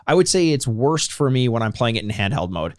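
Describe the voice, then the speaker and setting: A man's voice: medium pitch, big pitch swings, fairly quick, no room sound. Chatty podcast co-host man, dry sound. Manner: chatty, lots of filler and restarts, mimics announcer voices. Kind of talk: casual chat.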